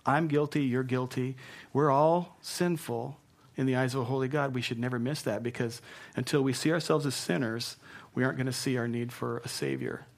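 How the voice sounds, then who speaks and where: A man's voice: mid-range voice, fairly even intonation, normal speed, vocal fry. Earnest male pastor preaching. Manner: earnest and emphatic, dropping soft for tender points. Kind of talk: sermon.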